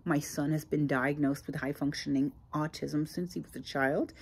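A woman's voice: sits low, fairly even intonation, normal speed, darkish tone, husky. A woman in her sixties, hosting her own channel, telling a personal story in a plainspoken, reflective way with frequent fillers. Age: 60s. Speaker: channel host.

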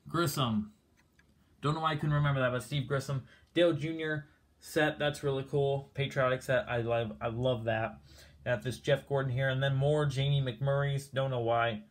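A man casually walking through his diecast car collection, rambling with lots of fillers and a bit out of breath. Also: mid-range voice.

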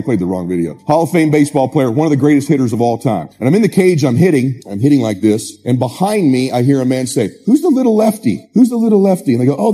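Man, motivational speaker, animated emphatic storytelling, mellow tone, faint background music. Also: mid-range voice, slightly rough. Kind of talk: motivational speech to a live audience.

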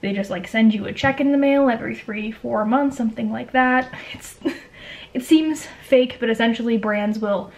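A young Canadian woman vlogging in a quick, chatty way, full of fillers and asides, giving travel tips to camera. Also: a little high, a little mellow. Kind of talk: casual chat to camera.

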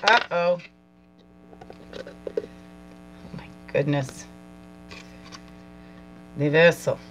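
Slow reflective woman reading oracle cards. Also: low voice, a little hiss or hum, poor audio. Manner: slow, reflective, repeats lines aloud, soft laughs and asides. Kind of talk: slow spiritual card reading with musing asides.

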